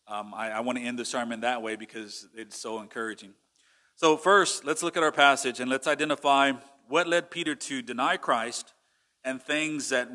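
A Texan pastor, a man, preaching a sermon in a conversational way, asking his listeners rhetorical questions. His voice sits at an ordinary pitch and has a bright, forceful edge.

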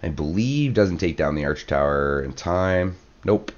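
A hoarse man, losing his voice, giving relaxed play-by-play commentary on a strategy game, with fillers and throat clearing. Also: low-pitched, a little slow, lo-fi sound. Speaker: clan war commentator. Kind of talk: gameplay commentary.

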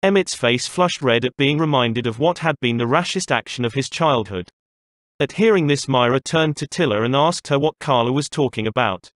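A man narrating a fantasy novel in a steady storytelling manner. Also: medium pitch, moderate pace, no echo, studio quality. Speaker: audiobook narrator.

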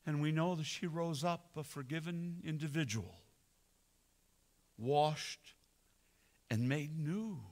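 A male pastor preaching a sermon, slow and dramatic, swelling loud then dropping almost to a whisper. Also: a little high. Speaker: senior pastor.

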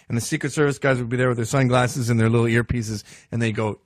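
A man's voice: mid-range voice, fairly quick, no room sound, clean studio sound. A man hosting a podcast, telling a comic story and jumping into silly voices for the characters in it. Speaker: podcast host. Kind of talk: comic monologue.

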